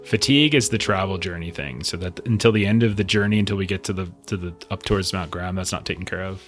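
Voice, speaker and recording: A man's voice: sits low, fast talker, soft background music. A man narrating as game master of a tabletop game, describing scenes in a loose, meandering way with many fillers.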